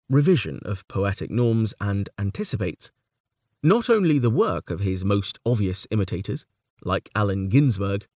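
A man reading a nonfiction book aloud, a measured narration that recites verse quotations with feeling. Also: on the low side, no echo, clean studio sound. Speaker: audiobook narrator. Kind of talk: scripted narration of a book on poetry.

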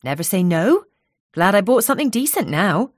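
A woman voicing a chatty, cheerful young hairdresser with a soft Isle of Wight burr, talking in a friendly, bubbly way. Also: mid-range voice, big pitch swings, moderate pace, no room sound, clean studio sound, voice pushed up.

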